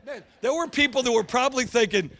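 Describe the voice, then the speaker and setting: Man, high voice, pastor, sermon, blunt, folksy, humorous, acts out voices. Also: fast talker, bright, forceful tone. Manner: humorous storytelling, acting out quoted voices.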